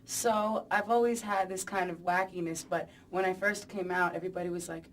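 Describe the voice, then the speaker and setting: This pop singer speaks fairly quickly with hardly any pauses, in a lowish voice with a steady tone, at a press event. The mic is distant and there is slight background noise as she rambles playfully and chattily, full of fillers and "you know"s.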